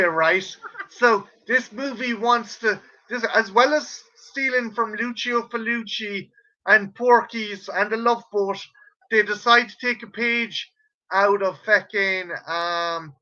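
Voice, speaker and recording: Brief: male podcast co-host, bright, ranting, profane, lo-fi recording. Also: sits high, takes it slowly. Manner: profane, rambling, animated retelling. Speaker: podcast co-host reviewing a film. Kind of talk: casual chat.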